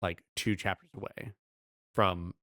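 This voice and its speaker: A man co-hosting a podcast, asking quick follow-up questions and laughing often in casual chat. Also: deep voice, level tone, pushed and bright, no room sound, studio quality. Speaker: podcast co-host.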